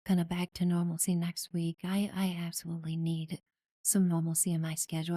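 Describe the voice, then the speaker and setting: A woman's voice: on the low side, flat delivery, brisk, dry recording, studio quality. A woman streamer chatting casually during live gameplay, thanking new followers and talking about her community. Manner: friendly, thanks followers warmly, many fillers.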